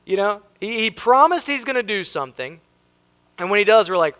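A man's voice: high-pitched, animated, a little fast, fairly bright tone. An American man, a pastor preaching a sermon with emphasis, reading scripture aloud and acting out the people in the story. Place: church sanctuary.

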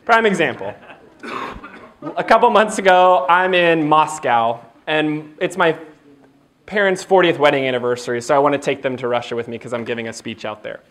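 At a training event, a man delivers a motivational keynote, telling animated stories, laughing often and acting out the dialogue. His voice sits fairly high, and he speaks at a normal speed.

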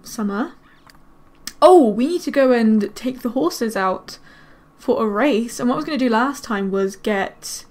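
A woman giving casual let's-play commentary, chatting to her game characters with quick excited exclamations. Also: fairly high pitch. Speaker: gaming video creator.

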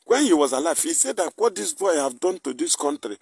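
A man's voice: on the high side, big pitch swings, fairly quick, gravelly, husky, no echo. A man delivering an indignant political rant, firing off rhetorical questions. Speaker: political commentator.

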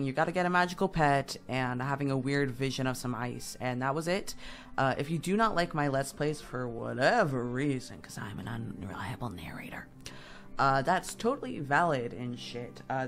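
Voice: medium pitch, fairly bright tone. A young adult let's-play gamer giving rambling, self-deprecating commentary over gameplay while slightly sick. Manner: rambling, self-deprecating, with fillers and sudden asides.

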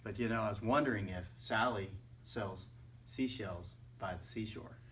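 A woman's voice: rumbling low, moderate pace, a bit bright. A woman teaching a children's Bible class, singing kids' songs and chatting in a playful, encouraging way. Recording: distant mic with faint background noise.

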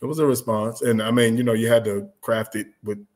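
A man's voice: medium pitch, fairly even intonation, fairly quick, a little mellow. A man co-hosting a casual chat, talking loosely, laughing often and trailing off mid-thought. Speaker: podcast co-host. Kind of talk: casual chat about rap.

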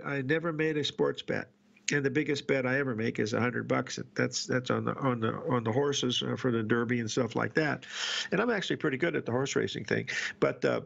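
A man's voice: mid-range voice, creaky, a bit bright, dull audio. An older man hosting a trading show, chatting casually and rambling, repeating words and calling his listeners folks. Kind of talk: casual market commentary and storytelling.

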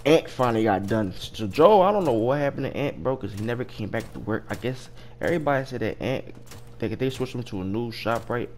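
A man's voice: medium pitch, expressive, a little fast, darkish tone, slight background noise. A young man casually telling a work story, rambling and profane, with loose restarts. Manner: rambling, profane, laughing at his own story.

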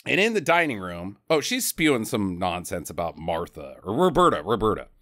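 A man's voice: lowish voice, huge pitch swings, normal speed, fairly bright tone, no room sound, studio quality. A man hosting a casual podcast, recapping a film in a loose, rambling way and slipping into voices. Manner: rambling storyteller who slips into voices. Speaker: podcast host. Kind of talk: casual chat, movie recap.

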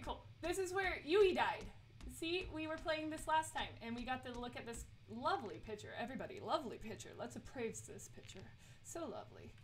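A woman's voice: high voice, slight background noise. A woman streaming a horror game, chatty and giggly as she talks to herself and her chat. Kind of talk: live let's play commentary.

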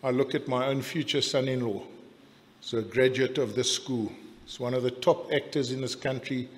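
A man's voice: mid-range voice, steady tone, moderate pace. A middle-aged South African man giving a blunt, jokey after-dinner toast that rambles with restarts, speaking in a large dinner hall. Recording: long hall reverb.

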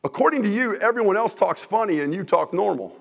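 A man preaching a humorous sermon as a guest preacher in a church sanctuary, teasing the room in an energetic, joking way. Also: high voice, a little fast, creaky, big-room sound.

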